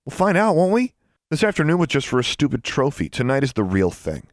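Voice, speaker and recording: A man's voice: on the low side, animated, fast talker, dry recording, studio quality, close to an everyday voice. A man voicing a defiant teen witch girl, Alexandra. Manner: defiant, sharp-tongued.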